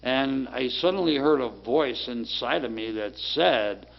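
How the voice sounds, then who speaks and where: A man's voice: medium pitch, a little slow, vocal fry. A middle-aged man giving a plainspoken personal recovery testimony, talking casually with many fillers. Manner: plainspoken, conversational, full of fillers. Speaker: recovery speaker. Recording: dull lo-fi sound.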